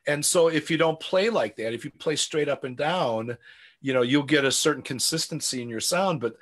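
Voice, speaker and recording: A man's voice: a little high, normal speed, fairly bright tone. A middle-aged man speaking as a guest drummer in a casual interview, rambling with many restarts and frequent "you know" fillers.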